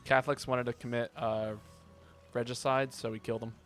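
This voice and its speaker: Soft music plays behind a man streaming a game, who talks a little fast at a medium pitch. He jokes around with viewers in a relaxed, casual way and reads the chat aloud as he plays.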